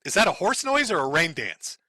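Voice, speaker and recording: A man's voice: a little high, sing-song, fairly quick. A middle-aged man hosting a live stream, giving sarcastic, mocking commentary on a clip and laughing often. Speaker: streamer host.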